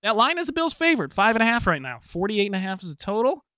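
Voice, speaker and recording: A man hosting a sports betting show, lively and joking as he sets up the picks. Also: high-pitched, dry recording, clean studio sound. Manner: lively, joking, quick to laugh. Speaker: show host.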